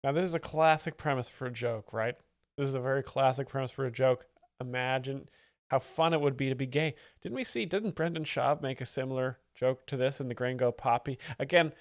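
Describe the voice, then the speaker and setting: A man hosting a live stream, giving mock-expert commentary and reading chat in a deadpan, easily distracted way. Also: mid-range voice, no room sound, clean studio sound. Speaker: livestream host. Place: home setup with several screens.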